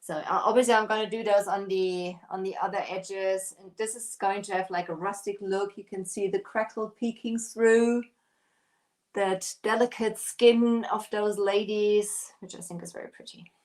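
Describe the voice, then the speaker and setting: A woman's voice: medium pitch, fairly even intonation, moderate pace, a little mellow. Chatty woman hosting a live craft demo. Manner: chatty, thanks viewers by name, talks while working. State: out of breath. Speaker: craft shop owner hosting a live stream.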